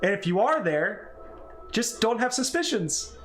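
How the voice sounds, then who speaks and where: A chatty young man talking loosely over a game stream in a slightly high voice. He rambles and jokes in a relaxed way. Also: measured pace, soft background music. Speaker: gaming streamer. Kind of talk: casual chat while playing.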